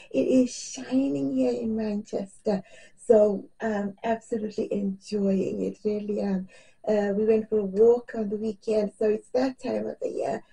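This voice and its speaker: A woman's voice: medium pitch, moderate pace, vocal fry, dark tone, far from the mic, rough recording. A middle-aged woman, chatting casually to camera as a vlogger. She laughs often and her voice keeps cracking on the edge of tears.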